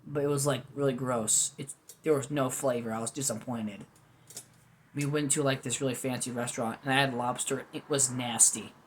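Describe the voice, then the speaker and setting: A man's voice: medium pitch, fairly even intonation, normal speed, a little hiss or hum. Rambling, candid young man vlogging. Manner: rambling, candid, self-deprecating, goofy asides. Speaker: food review vlogger. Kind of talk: unscripted casual commentary. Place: at home.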